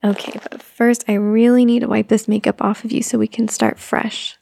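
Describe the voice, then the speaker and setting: A woman in a gentle mommy role-play, talking soothingly to an imagined toddler, sometimes whispering. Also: on the high side, little pitch movement, moderate pace, creaky, no echo.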